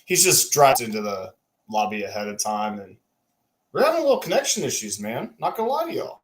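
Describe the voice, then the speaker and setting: A man's voice: medium pitch, very animated, brisk. A man co-hosting a casual fishing livestream from home, greeting viewers by name in a loose, slangy way. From Texas. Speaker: podcast co-host. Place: home room.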